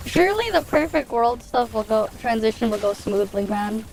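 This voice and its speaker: A woman's voice: fairly high pitch, lively intonation, moderate pace, darkish tone, a little hiss or hum. A woman streaming a game, chatting casually with viewers in a laid-back way, swearing and laughing often. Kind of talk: casual live-stream chat while gaming. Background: game music.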